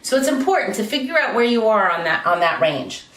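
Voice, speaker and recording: A woman speaking coach teaching vocal technique, demonstrating by jumping between very high and low pitch. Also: very animated, fairly quick, a bit bright, roomy sound, distant mic, rough recording. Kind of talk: instructional talk with vocal demonstrations.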